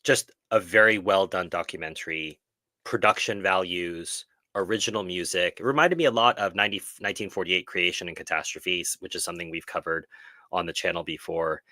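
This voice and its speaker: A man's voice: low voice, brisk, pushed and bright, dry recording. A man hosting a film club live stream, talking earnestly and reflectively and often correcting himself mid-sentence. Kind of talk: casual live stream discussion.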